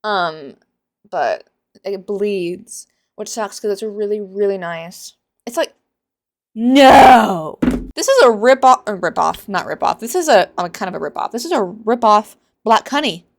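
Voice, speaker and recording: A woman's voice: medium pitch, lively intonation, a little slow. A woman in her twenties giving casual, sarcastic commentary in a book reaction vlog, rambling and exasperated.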